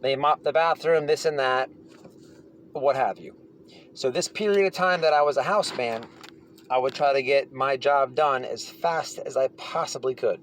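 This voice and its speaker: A man's voice: medium pitch, normal speed, slight background noise. A man telling stories from prison in a casual, blunt monologue, swearing freely and often restarting his sentences. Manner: blunt, profane, rambling with restarts.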